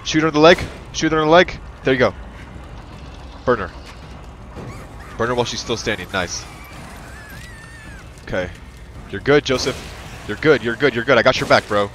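A man giving let's-play commentary, excitable and profane, yelling at the game and talking to his in-game partner like a buddy. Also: medium pitch, normal speed, pauses often, a little hiss or hum. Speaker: gaming channel host.

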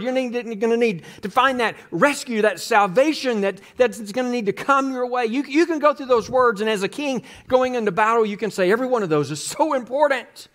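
A man with a notably high voice delivers a sermon as pastor. He speaks with earnest emphasis and reads scripture passages aloud to the congregation. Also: fairly bright tone.

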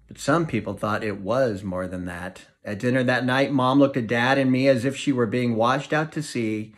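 A man's voice: lowish voice, steady tone, normal speed. A man reading a novel aloud as narrator, storytelling expressively and voicing each character. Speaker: audiobook reader.

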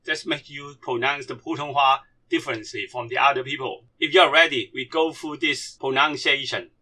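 A man whose first language is Cantonese, teaching a slide-based lesson in non-native English and slowly drilling syllables one by one. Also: medium pitch, fairly even intonation, bright, forceful tone.

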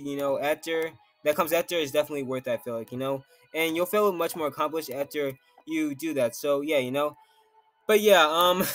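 A man's voice: on the high side, a bit bright. A young man hosting a gaming channel, talking through gameplay in a rambling, heartfelt way with many fillers. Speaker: gaming YouTuber. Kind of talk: casual gameplay commentary.

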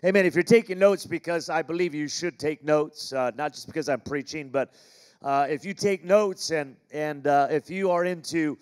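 Middle-aged American pastor, a touch high-voiced, preaching with jokes and call-and-response to a church crowd. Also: male voice, normal speed, clear, resonant tone. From Los Angeles, California. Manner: jokey, calls for audience responses. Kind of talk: sermon. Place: large church auditorium.

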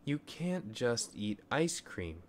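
Man playing a storybook mother, firm, patient, slow, plainly spoken. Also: medium pitch, very animated, a little hiss or hum. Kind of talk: storybook reading.

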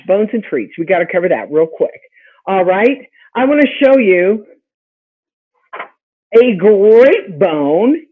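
A woman hosting a webinar as a pet health consultant, teaching in a lively, chatty way full of rhetorical questions. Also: fairly low pitch, breathy edge. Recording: tinny phone-like audio.

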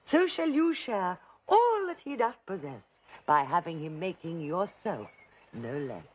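An actress playing a stately, commanding noble mother in a classical drama, declaiming in measured verse. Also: on the low side, big pitch swings, a little hiss or hum.

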